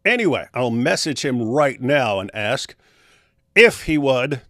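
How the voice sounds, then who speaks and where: A man's voice: medium pitch, fairly bright tone, no echo, clean studio sound. A male show host chatting casually on a livestream, jokey and rambling. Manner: jokey and rambling, breaks into silly voices.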